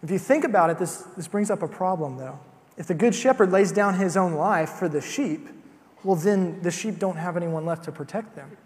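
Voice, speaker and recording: A man's voice: high voice, normal speed, a little mellow, long reverb tail. A man preaching a sermon in a conversational way, with fillers and repeated starts.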